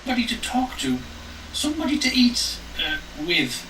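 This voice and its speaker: A man voicing a sly, lonely old crone who coaxes a traveler into staying, in a high put-on voice. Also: huge pitch swings, normal speed, heavily acted. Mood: coaxing. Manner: sweet, coaxing, creepy. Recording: roomy distant mic, noisy.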